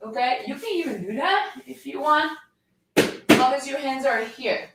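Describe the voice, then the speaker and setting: A woman's voice: sits high, expressive, normal speed, heavy background noise. A woman fitness coach leading a live workout class, talking energetically and coaxing her viewers while she demonstrates a plank. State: shaking from holding a plank. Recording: very echoey room, voice distant from mic.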